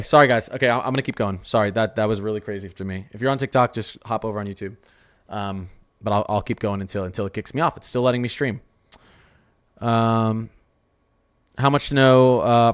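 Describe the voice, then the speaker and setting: A man hosting a casual weather livestream, talking to his chat in an excitable, rambling way with lots of exclamations. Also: medium pitch.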